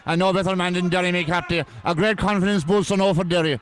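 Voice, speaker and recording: Irish man, co-commentator, somewhat high voice, halting delivery. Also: fairly even intonation. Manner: hesitant, repeats words. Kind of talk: match analysis.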